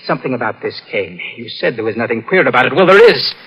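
A man playing a guilt-ridden young man who murdered his uncle, in stammering 1940s radio drama style, swinging from hushed to shouting. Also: medium pitch, big pitch swings, fast talker, husky, lo-fi sound. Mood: menacing. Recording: old radio broadcast with music.

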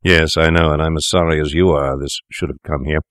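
Low-voiced reader doing a cool, unscrupulous young doctor, sneering and worldly. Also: male voice, steady tone, brisk, fairly bright tone, clear, resonant tone, dry recording, studio quality. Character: clever, cynical young male doctor.

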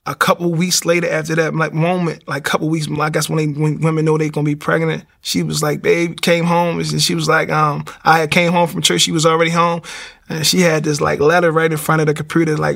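Gravelly, bright-voiced man telling his story. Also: on the high side, brisk. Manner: animated storytelling, acts out quotes. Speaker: guest sharing testimony. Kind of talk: casual testimony interview.

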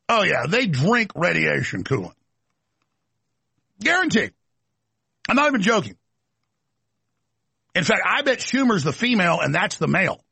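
A man's voice: high-pitched, sing-song, vocal fry, bright, forceful tone, slightly rough, dry recording. A man hosting a talk show, delivering an emphatic, mocking ranting monologue. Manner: emphatic, rapid-fire, mocking.

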